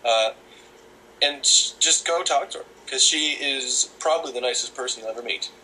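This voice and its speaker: A young man chatting casually, joking and halting, with many fillers. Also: medium pitch, pushed and bright, slight background noise, low-quality recording. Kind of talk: casual chat.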